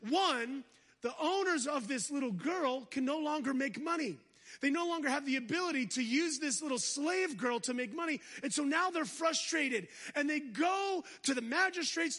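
A male guest preacher in a church service, urging the congregation on with a voice pitched very high. His tone is bright and forceful. He calls for responses and slips in jokes. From United States. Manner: exhorting, calls for crowd response, humorous asides. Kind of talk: energetic sermon.

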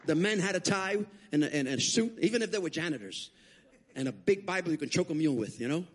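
Husky, animated preacher man. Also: fast. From Puerto Rico. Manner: animated, acts out quotes with big pitch jumps. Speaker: guest preacher. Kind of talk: storytelling sermon. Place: church sanctuary.

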